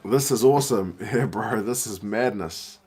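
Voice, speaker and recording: A young New Zealand man chatting casually as he watches rugby live, reacting loudly and answering viewer comments. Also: lowish voice, a little slow, breathy edge. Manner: excitable, slangy, reads out viewer comments.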